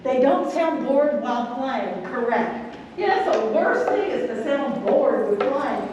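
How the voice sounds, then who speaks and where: In a big convention rehearsal hall, a woman clinician rehearses a string orchestra, counting and singing beats and quizzing the players. Her high, expressive voice is unhurried, captured lo-fi from far off in the echoey hall with background noise.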